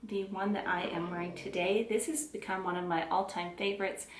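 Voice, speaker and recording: A middle-aged woman with a Southern US accent chats casually to camera as a beauty vlogger, relaxed and self-deprecating. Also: medium pitch, a little fast, echoey room, a little hiss or hum. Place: room at home.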